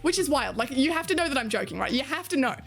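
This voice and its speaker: A woman's voice: sits high, very animated, quick pace, gravelly, a bit bright, faint music behind. A woman streaming, chatting with her viewers in a casual way, laughing often and swearing casually. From Australia. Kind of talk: casual chat reading stream chat.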